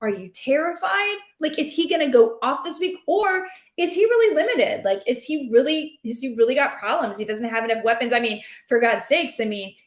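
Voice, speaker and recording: High-pitched lady talking fantasy football, lively and rambling, playful. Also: brisk, hardly any pauses. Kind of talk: casual sports chat. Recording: roomy echo.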